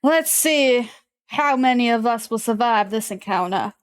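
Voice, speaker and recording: A smug, menacing villain who mocks the heroes in a slow, condescending drawl, as a woman game master puts him on. The voice sits noticeably high. This tabletop-game baddie sounds sure he has the upper hand. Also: clean tone. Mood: mocking.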